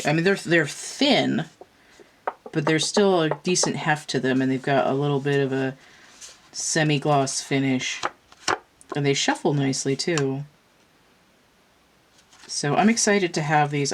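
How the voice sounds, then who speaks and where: Brief: woman card reader, unusually low voice, chatty and rambling, stuffed-up from a cold. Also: slight background noise. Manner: rambling, chatty, with many fillers and restarts. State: congested from a cold. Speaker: tarot and oracle card reader. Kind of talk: casual chat while doing a card reading.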